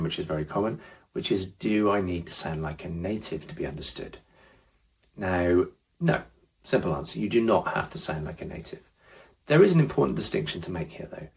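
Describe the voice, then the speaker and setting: Low-voiced man teaching Spanish casually. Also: vocal fry. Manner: relaxed, reassuring, encouraging. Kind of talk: casual spoken lesson.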